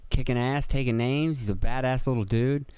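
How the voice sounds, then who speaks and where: A young man talks through a casual solo podcast in a loose, rambling way, swearing freely and poking fun at himself. His voice sits at an ordinary pitch and sounds close and dry, with no room around it. He slips into quoted voices as he tells stories. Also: moderate pace, a little mellow, clear, resonant tone, dry recording. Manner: rambling, profane, self-deprecating, acts out quotes. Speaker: podcast host. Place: indoor room with video camera.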